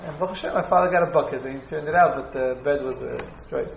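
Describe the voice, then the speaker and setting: A man teaching an informal class on Jewish law, halting and restarting as he explains. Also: a little high, creaky, slight background noise. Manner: halting, restarts, Hebrew and Yiddish terms. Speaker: Torah teacher. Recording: echoey, dull room recording.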